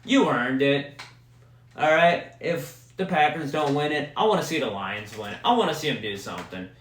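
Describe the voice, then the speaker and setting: A man's voice: fairly high pitch, lively intonation, normal speed, fairly bright tone, a little hiss or hum. A man from Wisconsin hosting a solo podcast, ranting about football with heavy profanity. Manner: profane, heated sports ranting. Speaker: podcast host. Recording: roomy echo.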